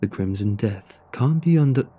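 A man's voice: fairly low pitch, lively intonation, moderate pace, mellow, breathy edge. A man voicing a jovial but menacing carnival clown who speaks in sing-song rhyme.

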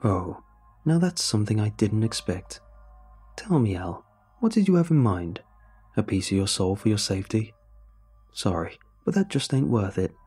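A man's voice: fairly low pitch, big pitch swings, normal speed, darkish tone, breathy edge, soft background music, full character voice. A man voicing a smug, cruel middle-aged male witch who mocks his captives. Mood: mocking. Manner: mocking, theatrical, gloating.

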